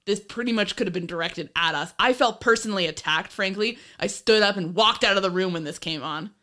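A woman's voice: mid-range voice, brisk, sharp tone. A woman co-hosting a podcast, chatting casually about an old film, laughing often and swearing now and then. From Ireland. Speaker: podcast co-host.

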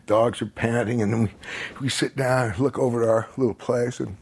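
Husky-voiced man, mid-range, spinning a loose, animated personal anecdote. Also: mid-range voice, a little fast. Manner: rambling, animated, laughs through the telling. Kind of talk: casual storytelling.

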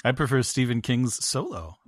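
Playful man, mid pitch, wildly swinging intonation, commentary panel. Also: big pitch swings, moderate pace, dry recording, studio quality. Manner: playful, mock-dramatic. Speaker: podcast panelist. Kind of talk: casual commentary chat.

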